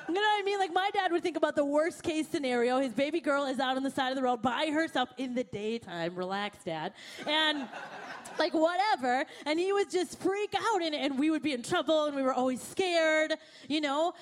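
A woman's voice: high-pitched, normal speed. A young woman preaching a sermon, telling a personal story and acting out her own panicked thoughts. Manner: animated, acts out her own panicked quotes. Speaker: pastor.

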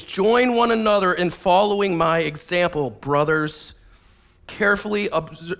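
A man in his forties preaching a casual sermon, telling family stories in a conversational, animated way with many fillers and restarts. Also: fairly high pitch. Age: 40s. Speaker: pastor.

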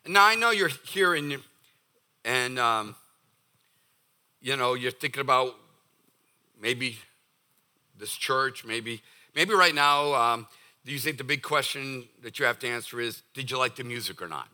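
A man's voice: mid-range voice, unhurried, pauses often, sharp tone. A middle-aged male pastor from the Boston area giving a conversational, jokey sermon, acting out the voices of his listeners.

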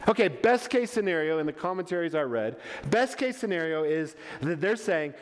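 Man, preacher, sermon, high voice, emphatic, stammering restarts, long hall reverb. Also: expressive, moderate pace, hardly any pauses.

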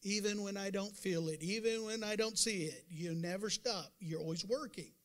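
A man with a notably high speaking voice preaches a sermon as pastor. He talks to his congregation in a conversational way, mimicking doubters, then rises into sudden emphatic bursts and calls out to the room. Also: moderate pace, a bit bright.

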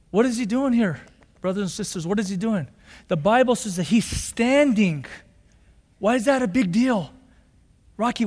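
Impassioned high-voiced preacher in a hall. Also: male voice. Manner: passionate, rising to shouts when quoting scripture. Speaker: pastor. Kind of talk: sermon. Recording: long hall reverb.

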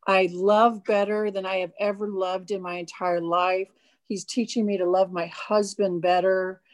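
A woman's voice: mid-range voice, level tone, measured pace. A woman guest in an interview, telling her faith story in an earnest, emotional way. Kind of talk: personal testimony in an interview.

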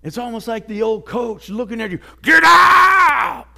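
A male pastor preaching a sermon with earnest exhortation, dropping to near whispers and rising to shouts. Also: sits high, fairly even intonation, a little fast. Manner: swings from hushed to shouting.

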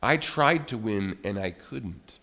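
Man doing Moses, frustrated, doubtful, voice pushed up higher and louder, exasperated. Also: lively intonation, takes it slowly, full character voice.

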